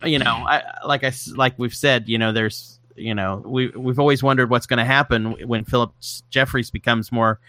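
Male podcast co-host, bright tone, dry close sound, stop-start delivery. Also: mid-range voice, steady tone, no room sound. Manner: halting, many restarts and fillers. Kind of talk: casual chat.

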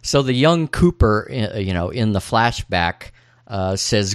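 A man co-hosting a podcast, recapping an episode in relaxed casual chat with plenty of fillers. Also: lowish voice, measured pace, clear, resonant tone, no echo, studio quality. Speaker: podcast co-host.

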